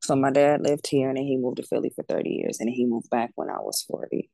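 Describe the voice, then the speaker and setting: A woman in her forties, a death doula guest, telling a personal story in a casual, animated and emphatic way. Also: rumbling low, quick pace, gravelly, no echo.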